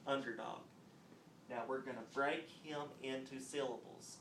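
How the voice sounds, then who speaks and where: A man teaching a phonics lesson on video, explaining step by step and clapping out words slowly. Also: medium pitch, noisy background. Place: classroom. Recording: roomy echo, mic at a distance, faint ambience.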